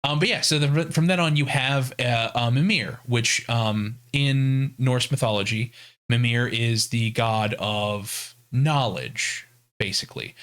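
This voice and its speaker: Brief: podcast co-host, mid voice, laid-back and profane storyteller. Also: male voice, mid-range voice, a little slow, fairly bright tone. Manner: profane, storytelling with acted-out quotes. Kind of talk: casual chat retelling a game story.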